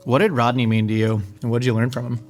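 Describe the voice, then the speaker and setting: A man hosting a casual interview over a meal, asking questions in a relaxed, slangy, encouraging way. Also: medium pitch, racing. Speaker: host.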